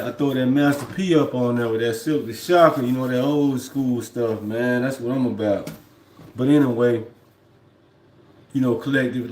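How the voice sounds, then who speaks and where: A man's voice: medium pitch, darkish tone, reverberant, slight background noise. A man who drives trucks talks casually on a home livestream, rambling and reflective, often repeating "you know what I mean.". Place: at home, indoors.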